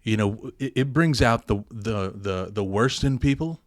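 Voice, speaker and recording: A man's voice: medium pitch, expressive, measured pace, dry recording, clean studio sound. A man, a pastor and military veteran, telling his story in a candid podcast interview with earnest emphasis.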